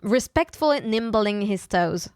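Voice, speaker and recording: A woman's voice: mid-range voice, animated, a little slow, a little mellow, smooth, dry recording, clean studio sound. A young woman, streaming in casual chat, playfully teasing her viewers and often restarting her sentences. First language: French. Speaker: VTuber streamer.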